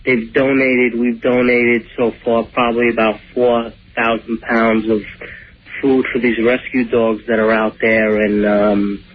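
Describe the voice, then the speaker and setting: A man calling in to a radio show, earnest and halting. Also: mid-range voice, little pitch movement. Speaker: caller, pet store owner. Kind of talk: call-in radio. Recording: tinny phone line with faint hiss.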